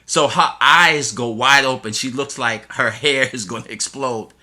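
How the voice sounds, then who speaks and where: A man in middle age recounts a story from his teaching days, his tone very bright and forward. He slips into the voices of the people he quotes as he goes, keeping the telling animated. His pitch sits at an ordinary middle height. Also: a little slow.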